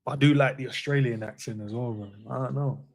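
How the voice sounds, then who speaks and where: A man's voice: mid-range voice, steady tone, fairly quick. A man, co-hosting a casual live chat, laid-back and laughing often. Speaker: co-host.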